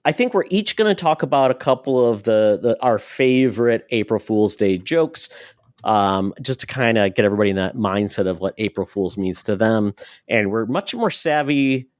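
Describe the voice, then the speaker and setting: A man's voice: fairly low pitch, expressive, moderate pace, dry recording, clean studio sound. A man co-hosting a gaming podcast, chatting casually and reading a sponsor spot. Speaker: podcast co-host.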